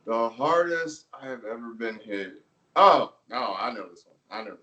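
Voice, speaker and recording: A man in a casual interview, talking about his matches in a loose, rambling way, laughing often. He sits a little back from the microphone, so the voice carries some distance. His pitch is mid-range. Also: lively intonation, measured pace, pushed and bright, highs cut off. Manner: laid-back storytelling, laughs often, filler words. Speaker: pro wrestler guest.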